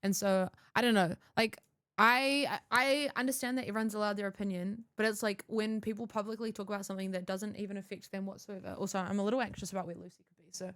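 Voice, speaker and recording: A woman's voice: medium pitch, fairly even intonation, quick pace, a bit bright. A young adult woman streaming live, chatting casually and rambling with lots of fillers.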